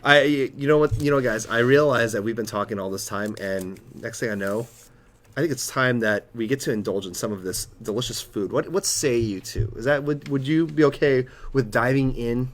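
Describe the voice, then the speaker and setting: A man's voice: mid-range voice, moderate pace. A man hosting a casual live stream who talks with eager enthusiasm and sometimes speaks through a mouthful of food. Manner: animated, enthusiastic, talks while chewing. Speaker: host.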